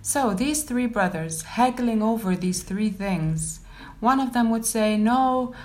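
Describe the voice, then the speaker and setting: A woman telling a folk tale aloud, expressive and speaking to her listeners directly. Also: medium pitch, a little slow. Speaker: storyteller. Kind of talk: oral folk-tale storytelling.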